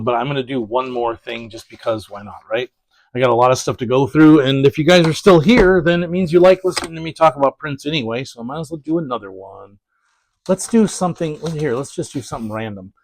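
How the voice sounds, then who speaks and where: A man's voice: medium pitch, brisk, a little hiss or hum. A man talking casually about prints as he opens packages, rambling and correcting himself with many fillers. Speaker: print collector vlogger. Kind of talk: casual package-opening chat.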